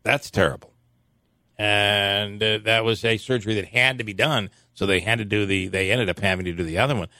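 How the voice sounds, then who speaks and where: A man's voice: on the low side, brisk, dry recording, clean studio sound. A man hosting a radio show, reading quirky news items and chatting casually with plenty of fillers. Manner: relaxed, chatty, many fillers.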